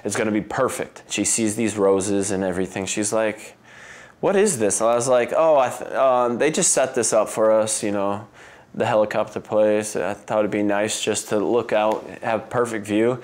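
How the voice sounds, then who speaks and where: Interview guest, male, 30s, lower pitch, rambling casual storyteller who laughs easily. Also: steady tone, normal speed, darkish tone. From United States. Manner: rambling, heavy use of "like" and "um", laughs often, mimics voices in quotes. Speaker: interview guest, Olympic swimmer.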